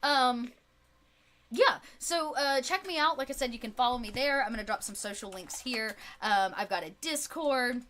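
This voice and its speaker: A fairly high-voiced woman hosts a tabletop game stream and wraps up with casual, friendly chat. She leans on lots of fillers and keeps things light. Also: animated, moderate pace, bright, forceful tone, a little hiss or hum. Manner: friendly, chatty, with frequent fillers. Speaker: game master and channel host.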